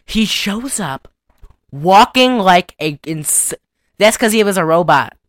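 A woman's voice: animated, slow pace, no room sound, clean studio sound. A young woman co-hosting a podcast, recapping a movie in a rambling, giggly chat. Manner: rambling, giggly, sings snatches in falsetto. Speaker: podcast co-host.

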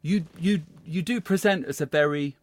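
A man's voice: fairly high pitch, moderate pace, dry recording. A man hosting a casual chat in a camp, playful, effusive manner. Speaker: podcast host.

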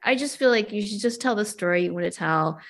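Middle-aged woman telling animated stories. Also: medium pitch, quick pace, gravelly. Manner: animated storytelling with quoted asides. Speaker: guest, actor and cartoonist. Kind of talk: casual interview talk.

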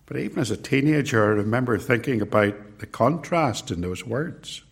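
An older man preaching a sermon, slow and measured, repeating key words for emphasis. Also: mid-range voice, lively intonation, vocal fry, husky.

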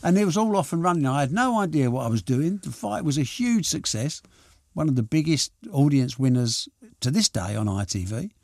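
An older man, a promoter, telling anecdotes in an interview, lively and full of restarts as he acts out what people said. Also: a little high, brisk, dry recording, clean studio sound. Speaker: boxing and snooker promoter. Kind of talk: reminiscing interview answers.

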